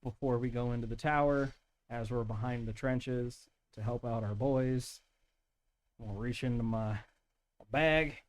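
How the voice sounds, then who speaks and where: A man's voice: mid-range voice, steady tone, a little slow. A young man playing a tabletop game, talking casually and thinking aloud as he declares his moves. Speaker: player.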